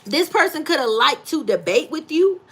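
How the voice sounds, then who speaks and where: A woman's voice: sits high, sing-song, moderate pace, a bit bright. A woman giving a live tarot reading, effusive and repetitive, greeting chat viewers as baby and y'all. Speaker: tarot reader.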